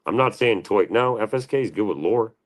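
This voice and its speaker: A man's voice: fairly low pitch, lively intonation, a little fast. A man hosting a livestream, answering his chat in a profane, combative and defensive rant. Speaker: livestream host.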